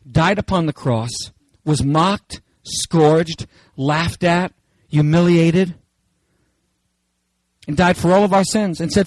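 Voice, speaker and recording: A male pastor delivers a sermon with fervor. His voice sits a little high and leaps into shouted exclamations, then drops to quiet, intimate asides. The recording is dry and close. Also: no room sound, low-quality recording. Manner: impassioned preaching with sudden shouts and hushed asides.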